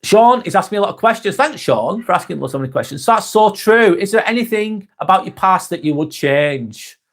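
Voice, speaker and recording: A man's voice: high voice, animated, fairly quick, a bit bright. Easygoing man in his forties. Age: 40s. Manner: laid-back, swears freely, calls viewers mate. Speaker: live-stream host. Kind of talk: casual live-stream chat reading viewer comments.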